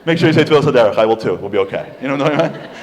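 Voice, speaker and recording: A man giving an inspirational lecture with humor, an animated storyteller who fires off rhetorical questions to the audience in a large lecture hall. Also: mid-range voice, very fast. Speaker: speaker. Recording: long hall reverb.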